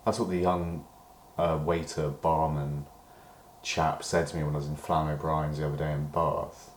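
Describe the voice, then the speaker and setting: Super deep voiced british guy rambling into the camera, lots of "you know" and restarts, echoey room. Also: little pitch movement, normal speed, slight background noise. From Britain. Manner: meandering, full of hedges and restarts, swears when worked up. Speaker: diary vlogger. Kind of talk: rambling personal monologue.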